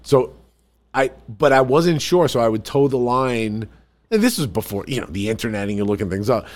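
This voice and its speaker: A man from the New York area chats casually on a podcast, spinning animated family anecdotes. His voice sits in an average pitch range. He restarts sentences as he goes and leans into the humor of the stories. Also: normal speed. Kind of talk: casual chat.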